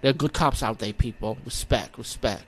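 A man's voice: medium pitch, moderate pace. New york guy from the bronx rambling thru a horror movie recap, swears a lot, acts out his reactions. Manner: rambling, profane, animated retelling with acted-out reactions. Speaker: movie reviewer.

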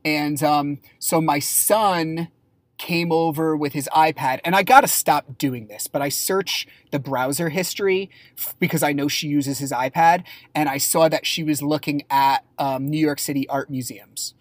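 A man hosting a raw, confessional solo podcast. He speaks haltingly and with emotion, using many fillers and restarts, and is candid and sometimes blunt. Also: on the high side, steady tone, no room sound. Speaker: podcast host.

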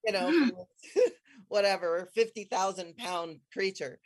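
Casting note: excitable conversational storyteller, mid-range voice, rambling restarts, sudden high-pitched bursts of glee. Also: takes it slowly. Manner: excitable, bursts into high squeals when quoting herself; rambling, many restarts and trailing phrases. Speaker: guest telling a personal story.

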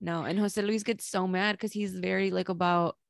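A woman's voice: medium pitch, steady tone, moderate pace, gravelly, dry recording. A young woman co-hosting a podcast in casual chat, candid and laughing, swearing freely and slipping into Spanish phrases. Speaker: podcast co-host.

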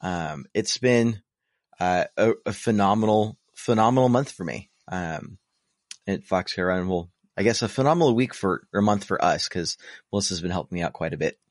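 Speaking at a moderate pace, a male podcast co-host rambles through casual chat, poking fun at himself with sarcasm. His low voice has lively intonation. The sound is clean studio audio without echo.

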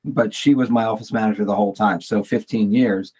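A man guest in a casual interview, talking in a relaxed way and acting out other people's lines as he tells a story. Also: lowish voice, a little fast, slightly rough, low-quality recording.

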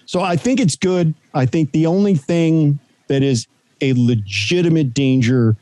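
A man's voice: a little high, a little slow, no echo. A man, a longtime radio broadcaster, telling stories in a casual interview. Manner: storytelling, animated anecdotes.

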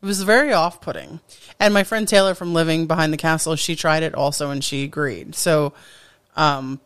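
A woman's voice: low voice, fairly even intonation, normal speed, smooth. A woman co-hosting a podcast in casual chat, talking freely with lots of fillers and restarts. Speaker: podcast co-host.

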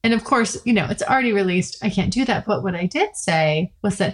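A woman's voice: medium pitch, animated, a little fast, few pauses. A middle-aged woman hosting her own podcast, talking frankly and casually, rambling with restarts. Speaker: podcast host. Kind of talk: casual solo podcast talk.

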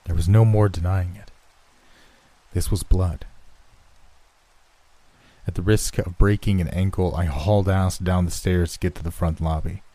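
Low mellow-voiced guy reading a creepy story, measured and dramatic. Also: steady tone. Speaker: horror story narrator. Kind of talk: scripted horror narration.

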